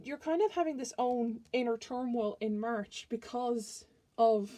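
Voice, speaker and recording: A woman with a fairly high voice talks through a tarot reading in a loose, chatty way. She rambles and keeps breaking off to restart her sentences. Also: unhurried, mellow. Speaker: tarot reader.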